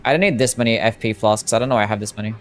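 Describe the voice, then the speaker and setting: A man's voice: fairly low pitch, very fast, soft background music. A man with an Australian accent, joking casually with his chat while streaming a game. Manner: casual, joking, chats with viewers. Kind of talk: live gameplay stream commentary.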